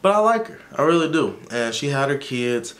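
A man's voice: medium pitch, big pitch swings, normal speed, a bit bright. A man casually recapping a reality TV episode for his channel, chatty and opinionated, with many fillers. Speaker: YouTuber reviewing a TV episode.

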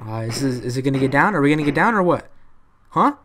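A man doing live commentary as he plays a video game, excitable and talking to himself. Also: medium pitch, quick pace, slight background noise. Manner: excitable, talks to himself while playing. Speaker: let's play gamer.

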